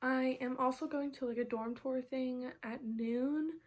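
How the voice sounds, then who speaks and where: In an unhurried, steady, high-pitched voice, a young woman art student gives a casual vlog recap of her week. She's chatty, with her storytelling full of filler words, especially "like."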